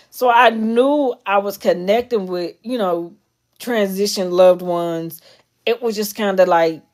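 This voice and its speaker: A woman talks casually to her viewers on a live stream. She is candid and chatty and swears freely, in a voice of middle pitch. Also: darkish tone. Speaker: medium live-streaming to followers. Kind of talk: casual chat.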